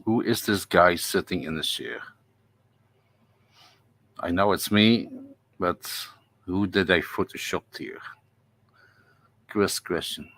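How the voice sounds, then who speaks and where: Very deep-voiced man chatting slowly. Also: fairly bright tone, no room sound. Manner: halting, repeats words, chuckles often. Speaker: live streamer. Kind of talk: casual live-stream chat. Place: at home.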